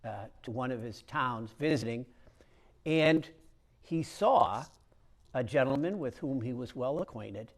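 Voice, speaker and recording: A man who is a Catholic priest, giving a conversational homily with storytelling and frequent hesitant pauses. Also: mid-range voice, lively intonation.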